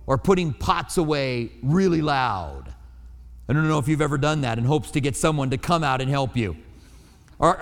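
A man's voice: medium pitch, long reverb tail. A man preaching a sermon in a conversational way, acting out the quoted lines in different voices. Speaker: pastor.

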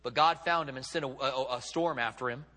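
A man's voice: mid-range voice, brisk, pushed and bright. A male pastor preaching a sermon, acting out quotes with big dramatic swings in his voice. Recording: long hall reverb.

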